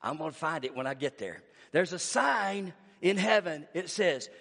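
A man preaching a sermon, swinging between hushed, intimate passages and shouted emphasis. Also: fairly high pitch, animated, normal speed, vocal fry. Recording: long hall reverb.

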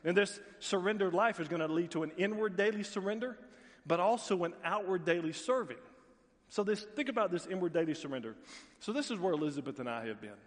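A middle-aged man preaching a sermon as pastor, telling stories with folksy asides and animated voices for the people in them. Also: high-pitched, a little fast. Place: church sanctuary. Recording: long reverb of a large hall.

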